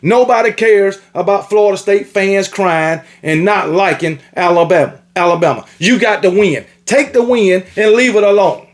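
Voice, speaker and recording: A man with a notably high voice rants at rival fans. He scolds and repeats himself, swearing freely in a loose monologue. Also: normal speed, hardly any pauses. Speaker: sports commentator. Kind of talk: ranting sports opinion monologue.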